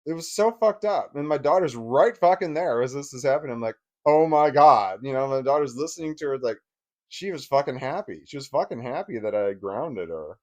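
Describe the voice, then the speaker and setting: A man's voice: mid-range voice, expressive, brisk, darkish tone. Rambling, cursing storyteller man. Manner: rambling, swears freely, many restarts, laughs while telling. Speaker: divorced father telling a story. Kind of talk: casual personal storytelling.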